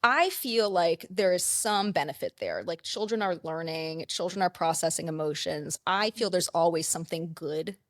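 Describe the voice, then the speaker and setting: A woman's voice: fairly low pitch, animated, moderate pace, hardly any pauses, dry recording, clean studio sound. A woman counselor and play therapist explaining ideas in a conversational interview, with frequent "like" fillers.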